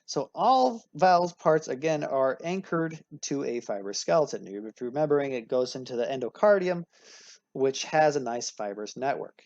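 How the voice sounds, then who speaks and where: A man's voice: medium pitch, lively intonation, moderate pace, a little mellow, dry recording. A man teaching anatomy in a recorded lecture, casual and upbeat, often correcting himself mid-sentence. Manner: casual and upbeat, with frequent self-corrections and analogies. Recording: dry, slightly dull recording.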